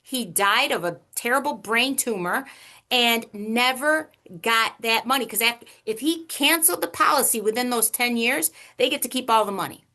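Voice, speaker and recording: A woman presenting a money workshop over a video call, chatty and animated, teasing the audience with questions. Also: a little high. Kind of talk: online workshop lecture.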